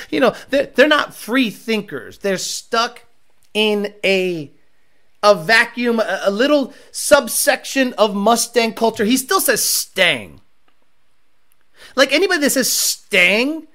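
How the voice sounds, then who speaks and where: A man's voice: very animated, measured pace. A man hosting a car channel, ranting at viewer comments in a mocking, profane way. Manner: mocking, profane, swings between low mutters and loud jabs.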